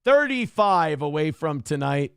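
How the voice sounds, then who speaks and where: A man with a somewhat high voice hosts a live show and reads viewer donations aloud. He sounds exasperated and laughs often. His voice is close and dry, with almost no room sound. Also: big pitch swings, measured pace, gravelly, clear, resonant tone, no room sound. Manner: exasperated, laughing, swears freely. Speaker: radio show host reading viewer donations. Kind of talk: casual live-stream talk.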